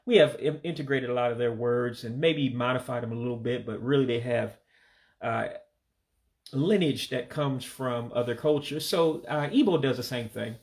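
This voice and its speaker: Man slowly teaching vocabulary. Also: mid-range voice. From United States. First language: English. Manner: slow, repeats each word and pronounces it carefully. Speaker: language learner teaching vocabulary. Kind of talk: casual language lesson.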